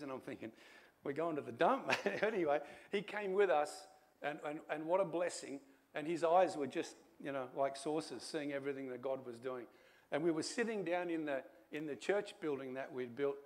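A male pastor delivers a sermon built around a story, shifting between whispered asides and loud calls and chuckling softly now and then. His voice sits on the high side.

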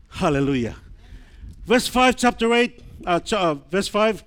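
Male preacher, emphatic call-and-response sermon, high and very lively pitch. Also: unhurried. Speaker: pastor.

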